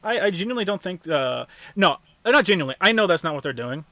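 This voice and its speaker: A man's voice: sits high, very animated, fast, fairly bright tone, no room sound. A man streaming live and ranting to his chat, heated and full of profanity, often stumbling over restarts as he gets worked up. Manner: stammering restarts when worked up. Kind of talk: casual livestream rant to chat.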